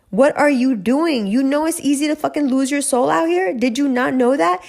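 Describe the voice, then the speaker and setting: A woman's voice: sits high, animated, unhurried, vocal fry, hardly any pauses. Emphatic, swearing woman ranting. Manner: emphatic, profane, preachy, direct. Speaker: podcast host, spiritual reader. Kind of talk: casual ranting monologue.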